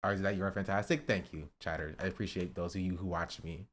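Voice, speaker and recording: A man's voice: sits low, steady tone, quick pace. A young man streaming live, chatting casually with his viewers, pleading and joking. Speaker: livestreamer.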